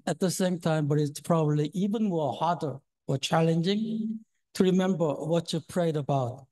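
A man's voice: on the high side, mellow, poor audio. A man in his sixties preaching a sermon as a lay preacher, nervous and hesitant with many fillers and a trembling voice. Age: 60s.

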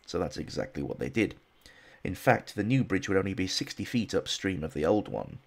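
A man's voice: low-pitched, big pitch swings, brisk, vocal fry, breathy edge. A man narrating a history documentary in a scripted style with dry, wry asides.

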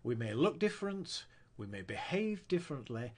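A male preacher delivering a church sermon with a lively, swinging pitch. His voice has a slight husky edge, and he tells stories and acts out the quoted lines. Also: normal speed. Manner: storytelling, acting out quoted lines with rising pitch.

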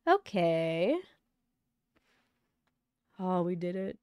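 A young woman streamer chatting casually and excitedly while playing a game. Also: lowish voice, drawn-out words, a little hiss or hum. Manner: chatty, apologetic, easily excited. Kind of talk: casual gameplay commentary.

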